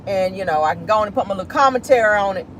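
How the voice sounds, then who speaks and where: A woman giving sassy, animated celebrity gossip commentary while driving in her car. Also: medium pitch, rapid-fire, slight background noise, low-quality recording. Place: in a car, driving near an airport.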